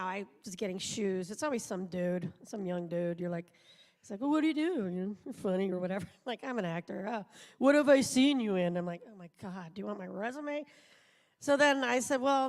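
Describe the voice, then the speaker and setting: A woman voice actor telling rambling anecdotes at a live panel interview in a large convention auditorium. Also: mid-range voice. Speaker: voice actor guest. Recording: live hall sound, long reverb.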